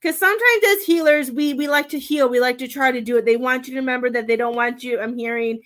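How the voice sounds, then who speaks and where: Woman, tarot reader and medium, somewhat high voice, talkative and heartfelt, laughs a lot, gets emotional. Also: quick pace. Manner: chatty, warm-hearted, laughs often between thoughts; emotional, near tears at times. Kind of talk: live tarot reading.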